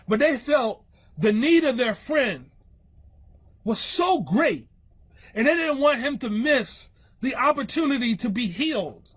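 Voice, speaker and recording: A man's voice: very high voice, bright, forceful tone. A man preaching a sermon in an emphatic, repetitive style.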